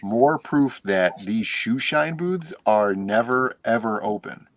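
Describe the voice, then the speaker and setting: A man's voice: mid-range voice, lively intonation, slow pace. A man co-hosting a comics podcast, making dry, wry jokes in casual chat. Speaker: podcast co-host.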